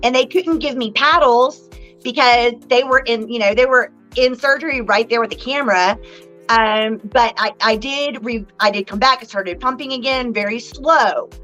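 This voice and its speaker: A woman's voice: on the high side, moderate pace, sharp tone, highs cut off, soft background music. A woman co-hosting a live card-reading stream, chatting in a bubbly, theatrical way and laughing often. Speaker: live psychic card reader and co-host. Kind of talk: casual live-stream chat.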